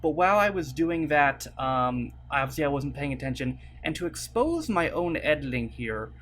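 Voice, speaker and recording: A young man talks casually to the camera for his vlog, seated at his computer desk and rambling with many fillers and apologies. This YouTuber's slightly high, bit-bright voice has lively intonation and a moderate pace, with a little hiss or hum from his webcam-setup desk mic.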